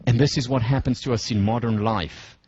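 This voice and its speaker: A man lecturing in a deliberate, emphatic way, slowing down to stress key points and leading listeners through scenarios step by step. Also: medium pitch, steady tone, darkish tone, husky, no room sound, muffled recording. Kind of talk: university lecture.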